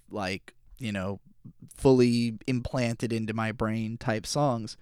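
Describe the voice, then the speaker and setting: A man's voice: mid-range voice, smooth, no room sound, studio quality. A young man from Virginia talking through his favorite albums in a rambling, emotional way, full of fillers. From Virginia, USA. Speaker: music reviewer. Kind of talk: casual album review monologue.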